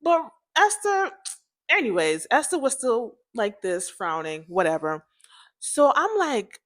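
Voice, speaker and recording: This podcast host tells a story from her life in a sing-song, unhurried, fairly bright voice. She keeps it candid and conversational, speaking to listeners directly and acting out quotes, while calling her own voice pitchy and cracky.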